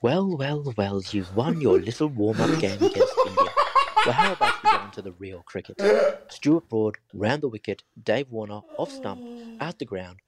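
A man's voice: medium pitch, huge pitch swings, moderate pace, heavy background noise. A man leaving a listener voice message, gloating in mock commentary.

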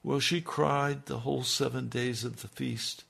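Male preacher, gravelly and husky, folksy sermon storytelling with asides. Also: mid-range voice, fairly even intonation, unhurried, a bit bright. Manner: folksy retelling with conversational asides.

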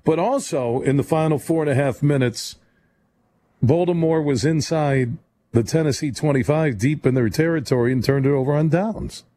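A man's voice: a little high, warm tone, a little hiss or hum. Opinionated sports radio host, man. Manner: fast, conversational, opinionated. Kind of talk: late-night sports call-in show. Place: radio studio.

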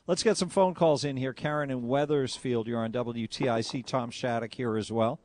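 A man's voice: medium pitch, fairly even intonation, moderate pace, a little mellow. A man hosting a call-in radio show with wry, exasperated commentary from the studio. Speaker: radio talk show host. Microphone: studio broadcast mic.

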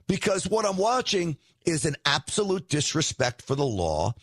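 Indignant man with a lively pitch. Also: normal speed, breathy edge, dry recording. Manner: emphatic, indignant, rising to near shouts. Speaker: political show host. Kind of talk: opinion monologue and ad read.

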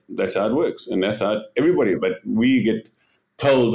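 A man's voice: fairly low pitch, a little fast, vocal fry. An older man, a podcast guest, talking in casual interview style, telling stories energetically, often repeating words and acting out what others said. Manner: animated storyteller, repeats words, acts out quotes. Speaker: podcast guest, ocean paddler.

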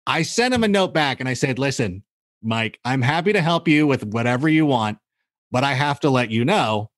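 Man, california, casual podcast storyteller, animated, mid pitch, dry close sound. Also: moderate pace, no room sound. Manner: animated storyteller, acts out quoted voices. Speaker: guest.

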